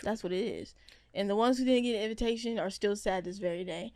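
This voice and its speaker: A young woman hosting a podcast, chatting casually and joking, jumping between loud bursts and hushed asides. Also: mid-range voice, fast, dry recording. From Seattle area. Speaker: podcast host. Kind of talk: casual chat.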